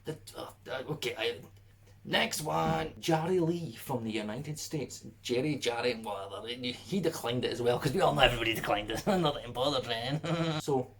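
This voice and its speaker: A man's voice: mid-range voice, normal speed, gravelly. Sarcastic man vlogging. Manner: sarcastic, laughing, swears. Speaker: musician. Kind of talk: casual vlog.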